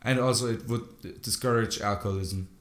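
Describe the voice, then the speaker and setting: A man's voice: lowish voice, fairly even intonation, moderate pace. A man hosting a podcast in casual chat, rambling and joking, often trailing off mid-sentence. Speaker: podcast host.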